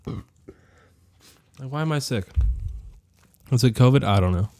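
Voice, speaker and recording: A man's voice: medium pitch, expressive, slow pace, dark tone, dry recording. A man in his twenties, sick and coughing, rambling through a profane solo audio diary that drifts from topic to topic. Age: 20s.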